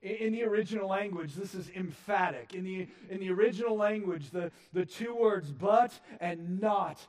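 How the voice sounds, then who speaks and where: A man with a fairly high voice delivers a sermon from the pulpit of a church. He swings from loud, emphatic proclamation down to quiet, low-pitched passages. He speaks as a pastor addressing his congregation. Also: moderate pace.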